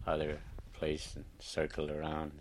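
Man, very low voice, oral folktale, plain unhurried telling. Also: monotone, a little hiss or hum. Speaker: storyteller. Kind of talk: traditional oral storytelling.

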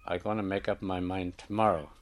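Giant fish monster, hushed, hesitant, very deep, as a storyteller puts it on. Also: male voice, fairly even intonation, fairly quick, lightly acted. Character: huge stubborn lake fish monster.

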